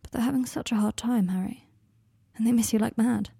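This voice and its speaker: A woman voicing a hushed, tender young man. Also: a little high, brisk, vocal fry, breathy edge, no room sound, studio quality, heavily acted. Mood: calm reassuring. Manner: soft, hushed and gentle.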